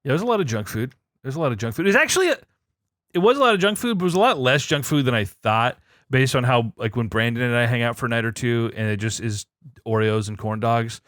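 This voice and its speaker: A man hosting a casual gaming podcast, bantering loudly with friends and swearing freely. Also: medium pitch, fast talker, dry recording, studio quality. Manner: loud, laughing, swearing banter. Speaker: podcast host.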